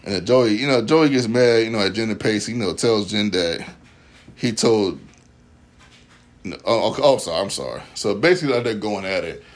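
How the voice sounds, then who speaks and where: A man's voice: lowish voice, animated, normal speed. A man chatting casually as a podcast co-host, rambling with lots of fillers and slang while recapping a TV episode.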